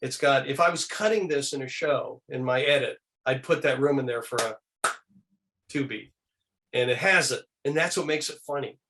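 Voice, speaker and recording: A man being interviewed as a guest, telling animated anecdotes and slipping into quoted voices. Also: moderate pace, noisy background. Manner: animated, acts out quoted voices with big pitch jumps. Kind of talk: lively anecdotal storytelling.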